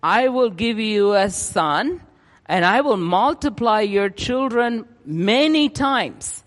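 A man giving voice to God, making slow, emphatic promises. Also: high voice, lively intonation, fairly bright tone, big-room sound, voice pushed up, full character voice. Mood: solemn. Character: God, a solemn promising divine voice.

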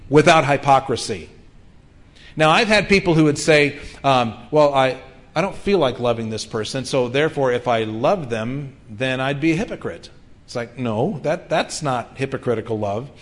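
A man's voice: medium pitch, lively intonation, normal speed. A man in his fifties preaching a sermon in an earnest, conversational way, with frequent ums and restarts. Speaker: pastor.

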